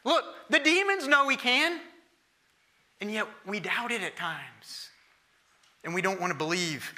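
High, bright-voiced male preacher. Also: unhurried. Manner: conversational and lively, acting out quoted voices. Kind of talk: sermon.

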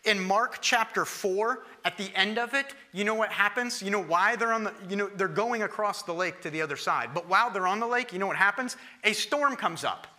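A man preaching a sermon in a conversational, lively way. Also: high voice, a little fast, few pauses. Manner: conversational and lively, acting out quoted voices.

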